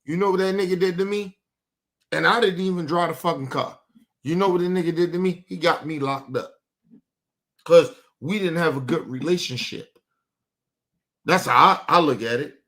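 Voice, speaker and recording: A young man, ranting emotionally and profanely on a live stream, dropping low and quiet, then bursting out loud. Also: normal speed, long pauses.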